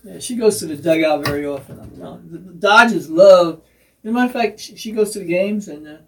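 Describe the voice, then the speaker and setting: A man's voice: high-pitched, quick pace, a bit bright. A middle-aged man co-hosting a casual talk show, rambling and joking with many fillers. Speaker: co-host. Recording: voice from a distance off the mic.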